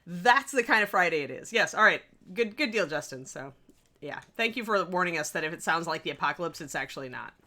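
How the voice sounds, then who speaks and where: A woman's voice: on the low side, lively intonation, fairly quick, pushed and bright. A woman hosting a casual live stream, bubbly and chatty, laughing often. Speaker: host of a miniature painting stream.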